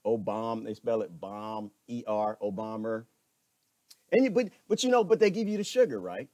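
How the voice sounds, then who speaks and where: A man giving an animated opinion monologue, preachy and wry, slipping into mocking voices now and then. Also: on the low side, normal speed, dry recording. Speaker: commentator.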